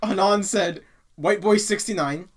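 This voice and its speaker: A man's voice: high voice, a little slow. A man hosting a casual podcast, joking around, swearing freely and reading out listener comments. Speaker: podcast host.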